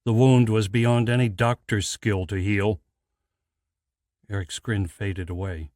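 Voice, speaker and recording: A man narrating a fantasy audiobook in a measured, deliberate scripted read. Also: fairly low pitch, little pitch movement, darkish tone, dry recording, studio quality.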